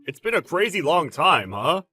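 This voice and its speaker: Man acting a brash ex-husband, defensive, whiny, higher voice, very lively pitch. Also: normal speed, slightly rough, no room sound, faint music behind, heavily acted. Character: brash, clueless cheating ex-husband. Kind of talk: audio drama acting.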